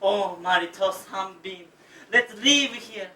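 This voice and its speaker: Student doing a melodramatic lovesick guy next door, bright high voice, slow, echoey stage far off. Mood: pleading. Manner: gushing, overwrought declarations. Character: lovesick middle-aged male neighbour, melodramatic. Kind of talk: amateur stage play. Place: small university theatre stage. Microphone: far-off room mic. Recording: echoey theatre from far off, faint hiss.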